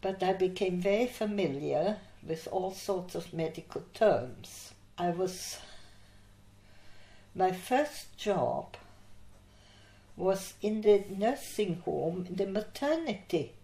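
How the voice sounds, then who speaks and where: A woman's voice: lowish voice, expressive, takes it slowly, warm tone. An older woman from Austria, interviewed for an oral history, telling a long anecdote with frequent laughter. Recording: echoey room.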